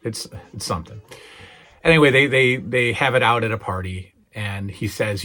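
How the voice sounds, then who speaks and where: On his own channel, a middle-aged host reminisces about memorable TV moments in a casual, hesitant way, restarting often and using plenty of fillers, and grows emotional recounting scenes. His lowish voice has a sharp tone at normal speed, with soft music in the background.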